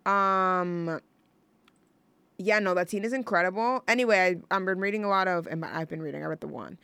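A woman's voice: on the low side, normal speed, gravelly, sharp tone, smooth, no room sound. A young woman hosting a college radio show, chatting on her own in a rambling, gushing way full of fillers and restarts. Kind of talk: casual solo radio chat.

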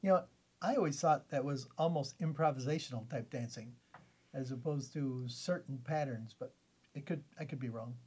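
Husky chatty radio host. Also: male voice, medium pitch, moderate pace, darkish tone. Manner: chatty, jokey, folksy sign-offs. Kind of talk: casual radio interview.

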